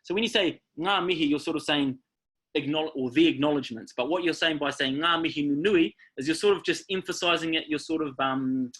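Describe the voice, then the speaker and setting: A man's voice: a little high, a little fast, fairly bright tone, slightly rough. A man with a New Zealand accent, presenting an online workshop in an upbeat, coaching way and often checking in with his listeners.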